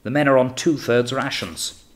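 A man's voice: mid-range voice, normal speed, pitched above the performer's own voice, natural voice. A man playing a bitter, fearful diplomat. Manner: bitter, anxious.

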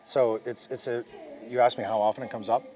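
A man with a Boston accent, answering interview questions quickly and emphatically, at a conference. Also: medium pitch, little pitch movement, mellow. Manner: fast, emphatic, rhetorical questions. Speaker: interviewed executive. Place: busy conference venue. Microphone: camera mic at a trade show.

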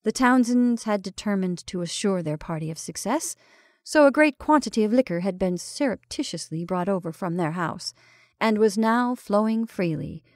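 A woman reading a classic short story aloud in a measured, expressive storytelling style. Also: mid-range voice, no room sound, clean studio sound. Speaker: story reader. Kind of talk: scripted storytelling narration.

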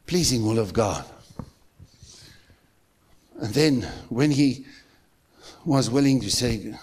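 Emphatic South African pastor preaching. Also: male voice, mid-range voice, slow, pauses often. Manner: emphatic, repeats phrases, asks the congregation questions. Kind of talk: sermon. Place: church.

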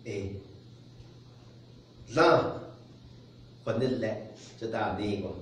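A pastor delivers a deliberate, unhurried sermon, pausing for soft chuckles as he explains his points. His voice comes from a distance into a strongly echoing space, with faint noise underneath. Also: lowish voice, expressive. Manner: measured preaching with soft chuckles. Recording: very echoey room, distant mic.

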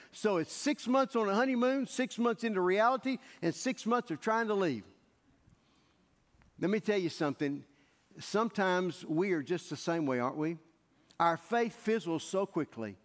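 A male pastor preaching a sermon in a church sanctuary, telling the story in an animated way and acting out the scenes. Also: high-pitched, moderate pace. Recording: echoey church hall.

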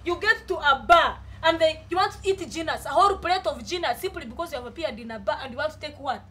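Sarcastic Ugandan woman, very high bright voice. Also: animated. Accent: Ugandan English. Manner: indignant, sarcastic, mocking, fast rant. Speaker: bar owner in a comedy sketch. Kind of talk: comedy sketch rant.

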